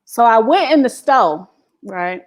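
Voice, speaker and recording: This is a US woman hosting a live stream, her fairly high voice animated yet measured in pace. She laughs often while ranting brashly and profanely to viewers, completely candid and unscripted. The recording comes from her laptop's built-in mic at home.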